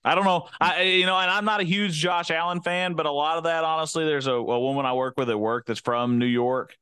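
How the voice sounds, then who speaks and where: A man's voice: on the high side, steady tone, brisk, bright, forceful tone, clear, resonant tone, no room sound. A man co-hosting a casual sports podcast, easygoing, laughing often and repeating himself. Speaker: podcast co-host.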